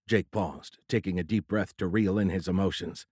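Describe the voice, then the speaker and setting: A man narrating an audiobook thriller in a steady, measured storytelling voice. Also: deep voice, breathy edge, no echo, clean studio sound. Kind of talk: scripted narration.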